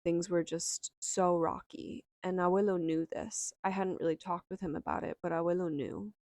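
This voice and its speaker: A young woman slowly and softly telling a personal memoir, reflective and unhurried, with lingering pauses. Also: fairly low pitch, steady tone, no echo. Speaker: storyteller.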